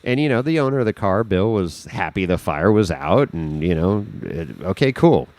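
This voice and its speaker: A man, a podcast guest, telling a story in a casual, animated way, swearing freely and acting out the scene. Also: deep voice, moderate pace.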